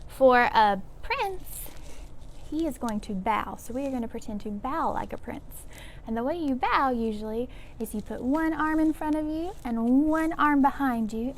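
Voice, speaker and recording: A woman leads a children's storytime, guiding the little ones through pretend actions. She sounds upbeat and encouraging, speaking straight to the kids in a high voice. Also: slight background noise. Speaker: library storytime host. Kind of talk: leading children's movement activity.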